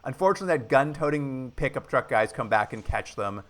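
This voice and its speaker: A man co-hosting a podcast, casually recapping a movie and acting out quoted lines with lively energy. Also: medium pitch, fairly quick. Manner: animated retelling, acts out quoted lines. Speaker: podcast co-host.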